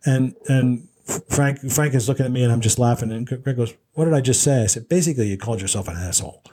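A man's voice: medium pitch, quick pace, slight background noise. A man co-hosting a casual chat show, telling a long anecdote with restarts and laughs. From Pennsylvania. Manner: rambling, animated storyteller with restarts and laughs. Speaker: podcast co-host.

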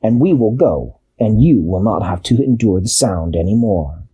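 A man voicing a brave male captain in a told story, giving firm, calm commands. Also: fairly low pitch, moderate pace, husky, highs cut off.

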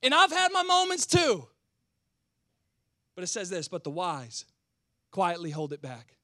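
A male pastor preaching a sermon, calling out to the congregation, swinging from loud outbursts to quiet, close talk. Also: high voice, a little slow, no echo. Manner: animated, swings between shouting and quiet; talks back and forth with the congregation.

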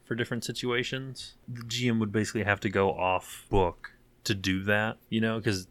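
A man with a low voice co-hosts a podcast, speaking into a dry, close microphone with no room sound. He chats about a game session, laughs easily and picks at small details. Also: fairly even intonation, normal speed, a bit bright, dry recording. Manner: laughs often, self-aware and a bit pedantic. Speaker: podcast co-host. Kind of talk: casual chat recapping an actual-play game.

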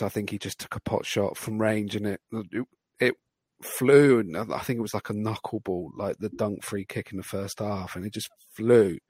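A man talks through a match in a relaxed podcast chat, rambling and correcting himself as he goes. His voice sits low with a gravelly edge. The recording is dry and close. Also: dry recording. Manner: rambling, self-correcting analysis. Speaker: podcast co-host. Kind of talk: casual football chat.

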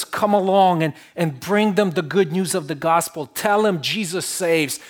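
Earnest man preaching, soft then emphatic. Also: on the high side. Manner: earnest, dynamic, swings between emphatic and soft. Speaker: pastor. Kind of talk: sermon.

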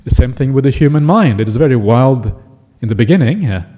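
A man's voice: mid-range voice, lively intonation, a little fast, warm tone. A man, a Buddhist monk, giving a chatty dharma talk and often checking in with listeners. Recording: echoey hall.

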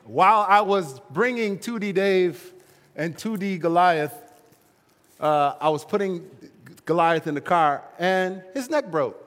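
A young man presenting a playful storytelling sermon for families, animated and laughing often as he plays with action figures. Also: high voice, unhurried, long reverb tail. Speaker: children's ministry presenter.

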